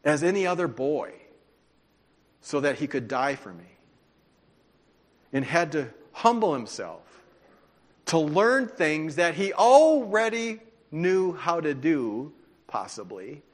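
A man preaching a sermon, telling stories in an animated, conversational way. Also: on the high side, takes it slowly, long pauses. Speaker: pastor. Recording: long hall reverb.

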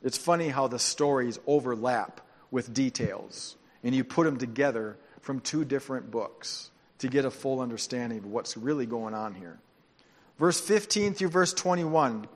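A man preaching a sermon, telling the story in an animated way with joking asides. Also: medium pitch. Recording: long hall reverb.

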